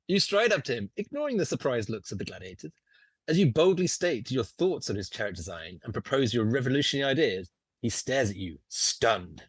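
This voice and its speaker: A man's voice: medium pitch, big pitch swings, fairly quick, husky, no echo. A man running a role-playing podcast as game master, narrating in a theatrical storytelling manner. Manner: theatrical storytelling, laughs often. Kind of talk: role-play narration and casual chat.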